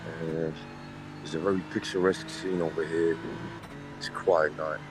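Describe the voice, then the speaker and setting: A man's voice: a bass voice, flat delivery, normal speed, music in the background. A man, streaming a racing game and chatting in a rambling, joking way. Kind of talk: casual stream banter.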